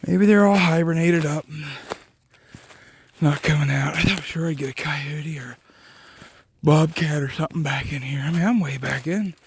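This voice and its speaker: A man telling rambling, casual stories outdoors in the woods. His voice sits fairly high, and he swears freely as he wanders from one memory to the next. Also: moderate pace, creaky, slightly rough. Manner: profane, rambling, laughs at his own stories. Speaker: vlogger.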